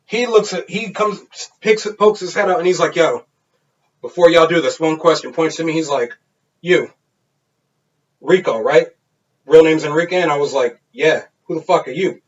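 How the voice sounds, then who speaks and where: A man's voice: on the high side, moderate pace, long pauses. Profane storytelling man, dull lo-fi sound. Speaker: podcast co-host. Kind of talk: casual storytelling.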